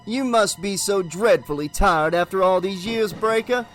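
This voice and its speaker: A man voicing a sneering demonic salesman who mocks and shouts at his victims. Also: sits high, normal speed, faint music behind, natural voice. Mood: taunting. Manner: mocking, theatrical shouting. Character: sneering demonic male salesman, taunting and cruel.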